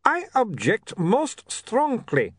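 A man's voice: high voice, huge pitch swings, takes it slowly, slightly rough, dry recording, voice pushed up, full character voice. A man reading an audiobook voices a formal, eager male vampire photographer with stiff, foreign-sounding phrasing. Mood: indignant.

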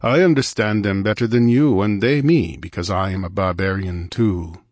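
A man voicing a calm, grim barbarian warrior. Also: lowish voice, normal speed, no echo, studio quality, lightly acted. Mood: cold, certain. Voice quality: calm, imperturbable.

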